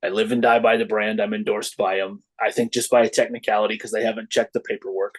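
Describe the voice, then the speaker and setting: This middle-aged wrestler has a husky voice and talks quickly, guesting on a podcast with a rough recording. He chats casually, telling stories and imitating quoted voices with lively leaps in pitch.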